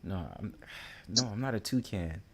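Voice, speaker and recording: A man's voice: lowish voice, normal speed, a bit bright. A man with a New York accent hosting a casual livestream panel, teasing and bantering as he talks. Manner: bantering, repeats "you know what I'm saying".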